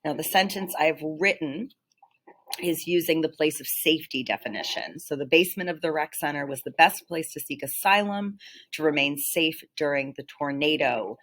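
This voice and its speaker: Woman teacher, deep voice, patient explainer for a recorded vocabulary lesson. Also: moderate pace, fairly bright tone. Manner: patient, explanatory, with frequent "um" and throat clearing. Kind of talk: vocabulary lesson over slides.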